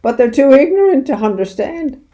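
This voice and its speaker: A woman's voice: sits high, very animated, moderate pace, dark tone, pitched above the performer's own voice. A woman doing a crafty, folksy country sergeant. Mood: mock-innocent. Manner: folksy dialect, mock-polite, hearty.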